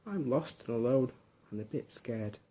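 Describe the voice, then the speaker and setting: A man voicing a tiny, scared, lost puppy in a bedtime storybook, with a small, timid, soft manner. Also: medium pitch, lively intonation, moderate pace, slightly rough, pitched above the performer's own voice.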